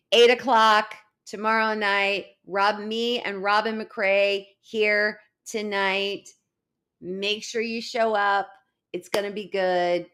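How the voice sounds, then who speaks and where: A woman's voice: medium pitch, a bit bright. A middle-aged woman hosting a live online show, chatting casually and laughing as she rambles through stories. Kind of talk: casual live-stream chat.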